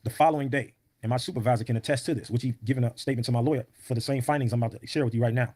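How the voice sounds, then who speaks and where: A man's voice: medium pitch, steady tone, racing, darkish tone, no echo. A man in an interview, telling a story in a blunt, emphatic, often profane way. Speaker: podcast guest.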